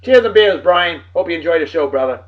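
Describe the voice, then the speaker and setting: Man, animated and rowdy vlog host, swinging pitch, dull low-fi audio. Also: fairly quick. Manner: boisterous, swearing banter. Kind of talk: casual shout-outs to friends. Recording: dull lo-fi recording.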